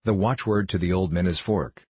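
A man reading an audiobook, voicing a florid young gentleman who speaks in a grand, theatrical way. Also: low-pitched, normal speed, husky, dry recording. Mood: pompous.

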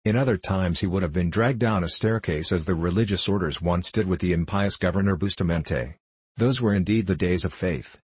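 A man reading the part of an angry, blustering middle-aged friar, sarcastic and loud. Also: low voice, fairly quick, breathy edge, no room sound. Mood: indignant.

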